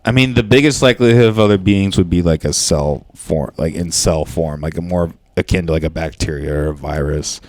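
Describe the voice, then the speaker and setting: A man's voice: low voice, a little fast, hardly any pauses, a little mellow, no echo. A man co-hosting a casual podcast, rambling and hedging with lots of fillers as he talks. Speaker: podcast co-host. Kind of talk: casual chat.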